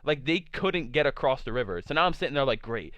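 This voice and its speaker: Smooth-voiced young man rambling through a story. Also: mid-range voice, animated, quick pace, a bit bright, no room sound. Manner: rambling, full of "like" fillers, profane. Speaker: vlogger. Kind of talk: casual storytime. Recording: dull lo-fi sound.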